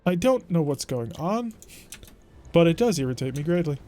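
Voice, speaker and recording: A man's voice: a little high, sing-song, normal speed, mellow, faint music behind. Male wry, chatty gameplay streamer. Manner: chatty, wry, mock-exasperated. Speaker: gaming streamer. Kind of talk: let's play gameplay commentary.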